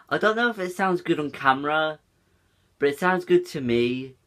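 A man's voice: on the high side, big pitch swings, normal speed, pushed and bright. A young man chatting casually for a vlog, rambling and swearing often. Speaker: YouTuber.

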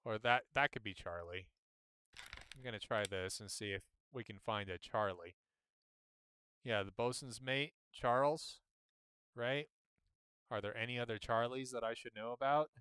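A man streaming a game, chatting and thinking aloud as he plays, with sudden jumps in pitch when excited. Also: normal speed, pauses often, smooth, no room sound, clean studio sound. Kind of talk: casual gameplay commentary.

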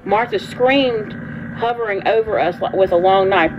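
A woman teacher reading a children's novel aloud at a steady pace, with small slips. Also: mid-range voice, moderate pace. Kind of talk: storybook read-aloud narration. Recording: dull recording with loud air conditioner hum. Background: air conditioner hum.

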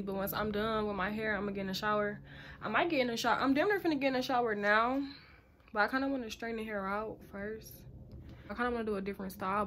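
A woman's voice: fairly high pitch, a little hiss or hum. Rambling, slangy young woman vlogger. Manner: rambling, slangy, swears freely, talks straight to viewers. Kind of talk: casual vlog talk to camera.

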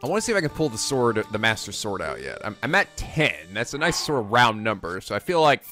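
A man's voice: fairly low pitch, big pitch swings, quick pace, sharp tone, soft background music. A man giving casual gameplay commentary, joking and swearing with frequent outbursts. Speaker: gaming video host.

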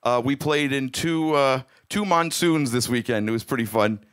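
A man's voice: mid-range voice, normal speed, a bit bright, clear, resonant tone. A man hosting his own music live stream from a home room, chatting casually and rambling as he greets viewers by name.

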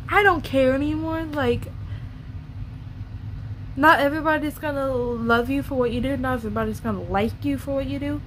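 A woman's voice: sits high, normal speed, long pauses, slight background noise. Blunt, cursing woman on a vlog rant. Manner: blunt, profane, ranting. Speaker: YouTuber.

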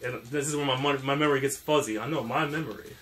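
A man telling stories in casual chat over a game, animated, laughing often and swearing casually. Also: mid-range voice, fast talker.

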